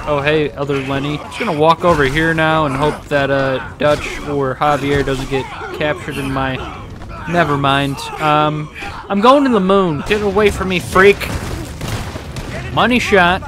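A man giving casual gameplay commentary, sarcastic and excitable, yelling and swearing at what happens on screen. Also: a little high, measured pace. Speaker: gaming channel host. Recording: over loud game music. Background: game music.

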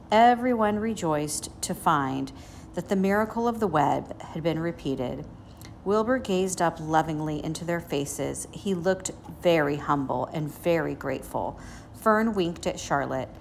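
Woman reading aloud, gravelly low voice, gentle, measured, faint hiss. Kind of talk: storybook read-aloud.

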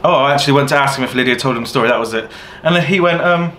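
West country guy telling a story after closing up the takeaway, swears a lot, gets animated, faint hiss behind. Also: mid-range voice, racing. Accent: English West Country. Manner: swears freely, animated when retelling. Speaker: vlogger and takeaway owner. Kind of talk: casual storytelling.

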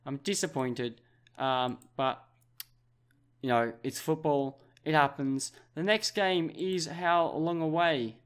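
Young Australian guy calling the action in his football manager game, fairly high voice, gets excitable. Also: takes it slowly, clean tone. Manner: excitable play-by-play commentary. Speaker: gaming YouTuber.

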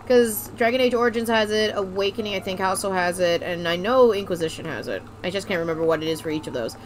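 A woman's voice: medium pitch, quick pace, soft background music. A young adult woman chatting casually and swearing freely while streaming a game. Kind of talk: casual let's-play chat.

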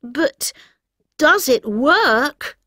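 A woman voicing a cheerful young boy in a children's storybook, bright and exaggerated. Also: sits high, animated, drawn-out words, dry recording, clean studio sound, pitched above the performer's own voice, full character voice. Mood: surprised.

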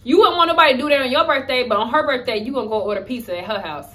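A woman's voice: sits high, rapid-fire, fairly bright tone. A young woman vlogger telling a personal story in a candid, emphatic, conversational way. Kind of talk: story-time vlog.

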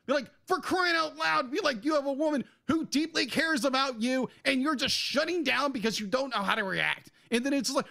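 A man's voice: very high-pitched, fairly quick, gravelly, hardly any pauses, bright, forceful tone. A man co-hosting a podcast, ranting emphatically and with exasperation about an anime character. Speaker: podcast co-host. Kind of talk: casual podcast review.

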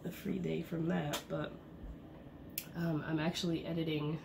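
A woman's voice: low voice, little pitch movement, a little slow, gravelly. A woman in her thirties vlogging at home in a chatty, rambling way, her voice stuffed up from a cold. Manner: rambling, chatty, with frequent fillers and laughs. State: congested, sick voice. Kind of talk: casual vlog chat. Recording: noisy home recording.

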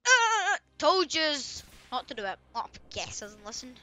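A woman chatting through a video game, excitable and often bursting into startled screams as she talks to herself and the other players. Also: on the high side, moderate pace, no room sound. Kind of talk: casual gameplay commentary.

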